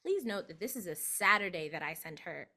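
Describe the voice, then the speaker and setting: A woman guest, a doula, telling a personal story in a chatty, animated interview manner. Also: brisk. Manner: animated, acts out quoted voices with big pitch jumps.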